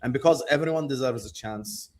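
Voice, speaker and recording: A man hosting a casual football chat show, joking and teasing his panel between quick shout-outs. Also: medium pitch, slight background noise. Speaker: host.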